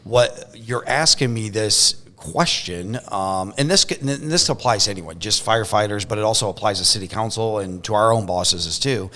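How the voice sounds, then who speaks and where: A man's voice: on the low side, moderate pace, hardly any pauses, bright, forceful tone. A man hosting a podcast, talking casually and rambling, with lots of restarts and fillers. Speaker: podcast host. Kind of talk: casual conversation.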